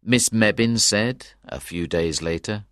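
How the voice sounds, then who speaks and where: Brief: deep-voiced man reading a story aloud, unhurried and expressive, dry studio sound. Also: smooth, no room sound. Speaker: narrator. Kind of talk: slow, clear narration of a simplified story.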